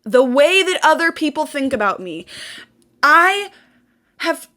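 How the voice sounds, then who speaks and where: A young woman with a high voice pours out an emotional monologue to her viewers. She talks with raw intensity, repeats phrases for emphasis and swears freely as she vents. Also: very animated, measured pace, sharp tone. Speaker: vlogger. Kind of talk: emotional venting monologue to camera.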